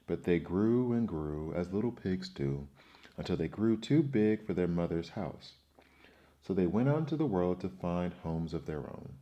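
A man reads folktales in a slow, deep, soothing ASMR bedtime voice. His tone is dark and mellow, and the recording sounds muffled and dull. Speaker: bedtime storyteller. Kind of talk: ASMR bedtime story reading.

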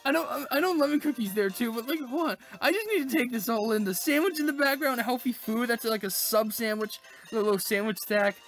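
A woman plays through a game with casual, excitable commentary, gushing over every cute detail. Her pitch swings widely from low mutters to high squeals. Faint game music runs beneath her. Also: brisk. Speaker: gaming channel host. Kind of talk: casual let's-play commentary.

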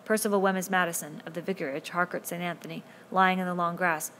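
A woman reading a novel aloud as an audiobook narrator, in a steady, measured delivery. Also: on the low side, a little hiss or hum. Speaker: audiobook reader.

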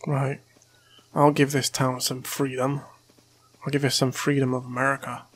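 A man joking his way through casual gameplay commentary, with loud outbursts and rambling asides. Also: medium pitch, little pitch movement, normal speed, a little hiss or hum.

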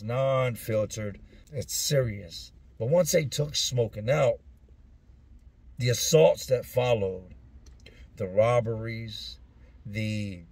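A storyteller casually recounts his years in prison, using street slang and acting out other people's voices. His mid-range voice is creaky and breathy at the edges, with a darkish tone.

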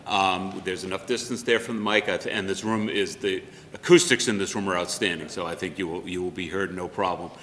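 A man's voice: deep voice, steady tone, a little fast, fairly bright tone, slight background noise. A man as emcee, giving instructions and reading poet bios, hesitant at first with fillers and restarts. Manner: hesitant, with many fillers and restarts, then reading a bio list. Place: library room with long reverb. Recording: reverberant hall.

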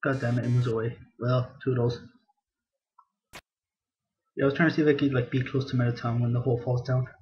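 A man's voice: mid-range voice, little pitch movement, fairly quick, pauses often, a little mellow, highs cut off. A young man giving casual, self-mocking let's play commentary. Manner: chatty, self-mocking, reads game dialogue in a hammy theatrical voice. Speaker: gameplay commentator.

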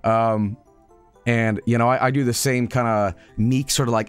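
A man's voice: mid-range voice, steady tone, normal speed, clean tone, soft background music. A man, a streamer casually telling a rambling, self-mocking story.

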